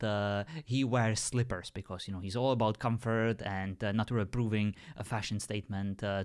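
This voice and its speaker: A man chatting with an AI, heaping over-the-top praise in a halting way full of fillers. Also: on the low side. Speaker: user testing an AI character. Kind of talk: casual conversation.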